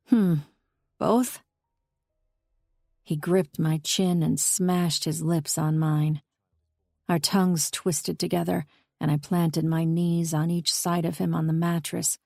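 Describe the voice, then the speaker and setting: A woman reading a first-person audiobook novel in a steady, intimate way. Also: on the low side, creaky, dry recording, clean studio sound. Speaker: audiobook narrator. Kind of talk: scripted first-person narration.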